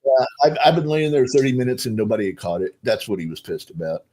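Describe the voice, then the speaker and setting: A man's voice: mid-range voice, fast. A middle-aged man on a panel talk, telling a rambling story with lots of fillers and acting out the other people's voices as he goes. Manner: rambling, animated, acts out voices in his retelling. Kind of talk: casual storytelling on a video call panel.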